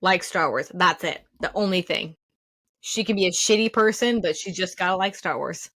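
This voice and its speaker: A woman co-hosting a podcast talks in a relaxed, chatty way. She leans on fillers and laughs easily. Her voice sits low, and the recording is dry and close. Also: normal speed, dry recording. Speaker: podcast co-host. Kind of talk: casual chat.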